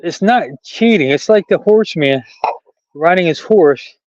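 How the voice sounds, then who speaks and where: A man's voice: high-pitched, lively intonation, measured pace, darkish tone, no room sound, highs cut off. A middle-aged man vlogging casually outdoors on a rural trail, rambling and chatty and laughing at his own jokes. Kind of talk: casual walking vlog.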